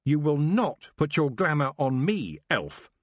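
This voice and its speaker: A man's voice: medium pitch, big pitch swings, normal speed, no room sound. A man voicing a stern, commanding young witch girl. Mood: fierce.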